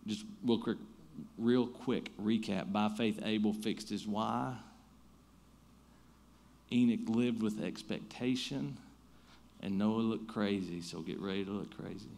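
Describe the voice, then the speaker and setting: A man pastor preaching a sermon, telling a story with lively emphasis and easing into quiet, soft prayer. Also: lowish voice, slow, creaky, pauses often.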